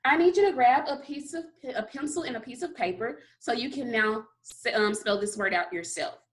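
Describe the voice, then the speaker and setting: A woman teaching a recorded phonics lesson to kindergarteners, sounding out letters and praising often. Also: on the high side. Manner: slow, encouraging, sounds out letters.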